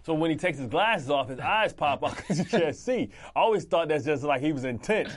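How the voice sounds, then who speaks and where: A man's voice: fairly high pitch, brisk. A man in his forties, a former football player, telling stories in a casual interview, laughing and acting out what others said. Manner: animated, laughing storyteller who acts out quotes.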